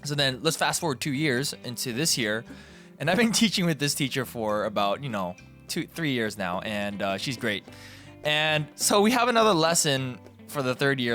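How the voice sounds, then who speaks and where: A young man hosting a podcast, telling stories in a casual, animated way and acting out what other people said. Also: medium pitch. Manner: animated, acts out voices in quotes. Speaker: podcast host. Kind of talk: casual storytelling.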